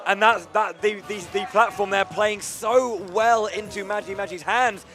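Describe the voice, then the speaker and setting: A man's voice: high voice, steady tone, a little slow, fairly bright tone. A man co-commentating a live fighting-game match, jokey, laughing often and tripping over his words. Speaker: esports co-commentator. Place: tournament venue with crowd. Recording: crowd and music behind.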